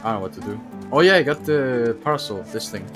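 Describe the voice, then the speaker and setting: A man casually commenting on a video game as he streams it, thinking aloud and sometimes yelping with excitement. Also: mid-range voice, a little fast. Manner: chatty, thinks aloud, bursts into excited yelps. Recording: game music playing behind.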